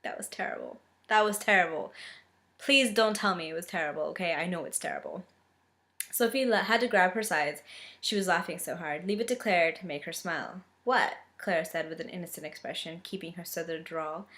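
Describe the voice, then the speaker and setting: A woman's voice: fairly low pitch, a little fast. Sarcastic woman reading a book aloud. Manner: sarcastic asides, expressive reading. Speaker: book reader and reviewer. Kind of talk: casual book reading with commentary.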